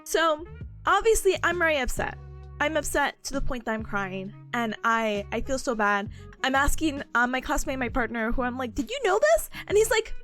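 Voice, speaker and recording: A young woman hosting a study stream, telling a personal story in a casual, animated way and laughing often while acting out what she said. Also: high-pitched, normal speed. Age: young adult. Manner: animated, laughing often, acting out her own past lines. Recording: faint music behind the voice.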